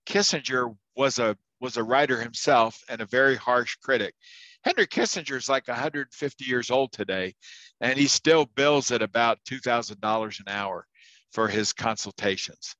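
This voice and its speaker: Telling stories during a university lecture, a male instructor chats loosely, often restarting sentences and leaning on fillers. He has a medium-pitched, sharp voice at a moderate pace, in a dry, rough recording.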